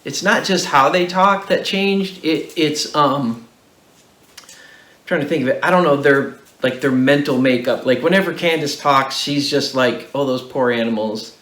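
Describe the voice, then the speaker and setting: A man co-hosting a casual behind-the-scenes chat about making a web series. He is talkative, laughs easily and jumps up in pitch when he jokes. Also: a little slow, fairly bright tone. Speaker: co-host and actor in the web series. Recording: roomy echo.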